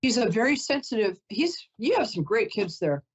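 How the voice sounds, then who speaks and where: A woman's voice: on the high side, sing-song, normal speed, husky, lo-fi sound. A woman psychic host doing a reading for a caller, chatty, emotional and apologetic, often close to tears.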